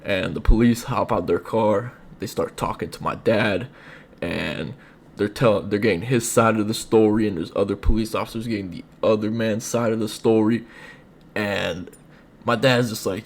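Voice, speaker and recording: A young male streamer tells a personal story in casual, rambling speech packed with fillers like "you know." His voice is lowish, gravelly, and steady, at a normal speed.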